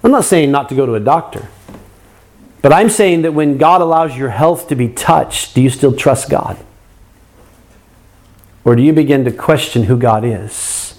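Earnest preacher, fairly high man's voice. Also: animated, a little slow, pauses often, a little mellow. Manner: earnest, rhetorical questions, acts out imagined complaints. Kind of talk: sermon.

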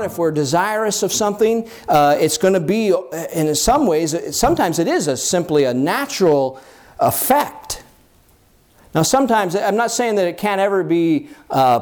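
A man preaching a sermon in an earnest teaching tone, with fillers and restarts, lifting his voice when he quotes scripture. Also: darkish tone. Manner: rises in pitch when quoting scripture. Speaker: pastor.

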